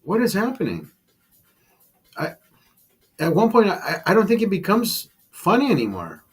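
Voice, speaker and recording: Husky guy with a slightly high voice, rambling and cussing, keeps calling you brother. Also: big pitch swings, moderate pace, long pauses. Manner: rambling, profane, calls listener brother. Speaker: livestream host. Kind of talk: casual chat over beers.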